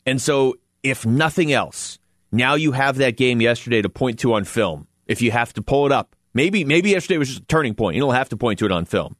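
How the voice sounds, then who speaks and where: A man's voice: mid-range voice, lively intonation, dry recording. Male sports radio host, chatty and easy, mid-range voice, dry close studio mic. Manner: chatty, laughs often, quick asides. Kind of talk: casual sports radio talk.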